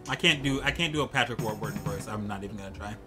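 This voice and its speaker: A man's voice: on the low side, racing. A man chatting casually and joking at his own expense while playing on a charity gaming stream, game music behind him. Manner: goofy, self-deprecating.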